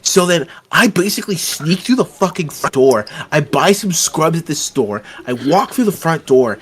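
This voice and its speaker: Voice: mid-range voice, lively intonation, normal speed, a little hiss or hum, voice pushed down, lightly acted. Someone doing a cursing suspect with an accent. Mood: recounting. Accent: put-on accent. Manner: swears constantly, rants. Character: foul-mouthed agitated male suspect. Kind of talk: tabletop role-play.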